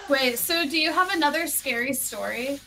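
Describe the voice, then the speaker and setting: A bright-toned woman with a fairly high voice chats and eggs on her friends during a stream. She keeps the talk moving with quick suggestions. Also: creaky, poor audio. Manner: chatty, eggs the others on. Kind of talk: casual group chat on stream.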